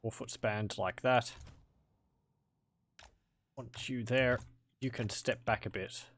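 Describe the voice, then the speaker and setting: A man's voice: mid-range voice, fairly even intonation, slow pace, a bit bright. Guy casually narrating his strategy game, wry and chatty, laughs a lot, mid voice. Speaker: let's play gamer. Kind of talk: casual gameplay commentary.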